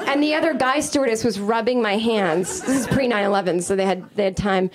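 A woman comedian from Boston, telling stories in an interview with lively comic timing and acted-out quotes. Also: fast, hardly any pauses, over a noisy crowd. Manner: animated, comic, acts out quotes in high voices. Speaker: comedian guest. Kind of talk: storytelling interview.

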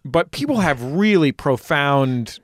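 A man interviewing a guest for radio, asking measured, thoughtful questions. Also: a little high, animated, no echo, studio quality.

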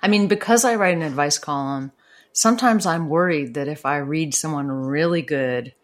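A woman's voice: deep voice, normal speed. A woman author and advice columnist answering interview questions in a thoughtful, rambling way with frequent restarts.

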